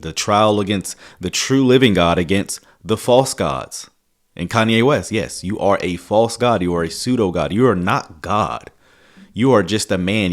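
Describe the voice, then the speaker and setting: A man with a lowish voice delivers theology commentary in an emphatic, preacherly way. He hosts the channel and reacts to clips he plays.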